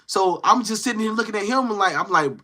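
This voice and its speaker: A man casually retelling a story from his live stream in animated, slangy talk, acting out what others said. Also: sits high, fast talker.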